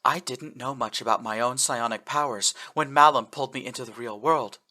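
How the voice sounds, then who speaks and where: A man voicing a determined young woman with psionic powers, speaking earnestly and a bit haltingly. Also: medium pitch, pushed and bright, lightly acted.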